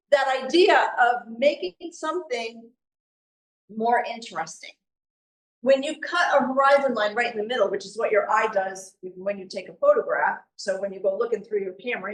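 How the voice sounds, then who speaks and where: A woman's voice: a little high, fairly bright tone. A woman talks a live audience through her painting in a loose, chatty way, stopping to think aloud as she goes. She sits well back from the microphone, so her voice comes across thin and a little faint. The room around her rings with a strong echo. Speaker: painting demonstrator. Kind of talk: live art demonstration talk. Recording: echoey room recorded from far off.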